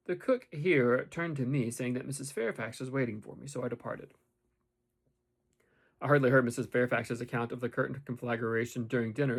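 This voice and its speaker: A man narrating a classic novel in the first person with expressive, measured storytelling. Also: mid-range voice, creaky, breathy edge. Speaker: audiobook narrator.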